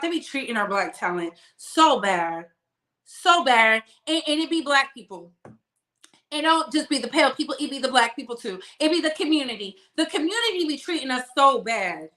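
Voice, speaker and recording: A woman's voice: high voice, lively intonation, moderate pace, pushed and bright. A young woman hosting a celebrity gossip channel, giving sassy, emphatic commentary and drawing out words for effect.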